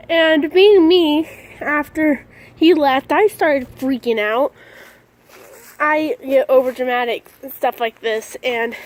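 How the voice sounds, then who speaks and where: A young woman casually telling a story to her vlog camera, excitable and a bit dramatic, often giggling. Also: sits high, slow, pauses often. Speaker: vlogger.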